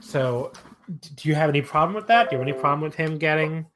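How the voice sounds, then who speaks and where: A man's voice: a little high, fast, noisy background. Male podcast host, casual and enthusiastic, steers the chat with questions.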